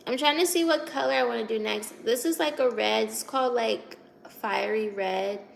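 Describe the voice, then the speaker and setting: A woman's voice: fairly high pitch, moderate pace, vocal fry, a little hiss or hum. A young woman from Virginia hosting a casual livestream, chatty and giggly as she reads out and answers comments. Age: 20s. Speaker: livestream host reading chat.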